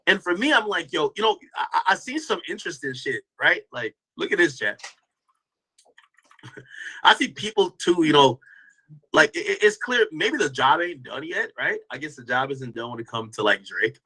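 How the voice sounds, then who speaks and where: A man's voice: a little high, big pitch swings, normal speed, bright, forceful tone, slightly rough, rough recording. A man hosting a casual commentary stream, talking loosely to his chat with lots of restarts and slang. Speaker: host reacting to a stream clip.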